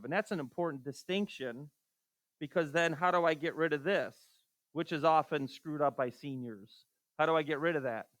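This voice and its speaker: A male math teacher lectures through a recorded lesson, his slightly higher voice bouncing between quick mutters and raised, exasperated questions. The sound is close and dry, with no room around it. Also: no echo. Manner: animated, rhetorical questions to students, exasperated asides.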